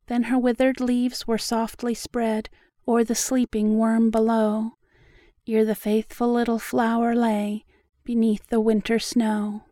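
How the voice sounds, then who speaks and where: A woman narrating a storybook poem with a slow, measured recital. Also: a little high, flat delivery, warm tone, dry recording, clean studio sound. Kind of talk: reading a story poem aloud.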